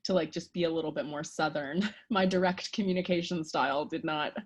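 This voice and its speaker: A woman's voice: low-pitched, fairly even intonation, fairly quick. A middle-aged Canadian woman, a guest therapist on a podcast, chatting directly and laughing often. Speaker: guest sex researcher and therapist. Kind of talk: casual podcast interview.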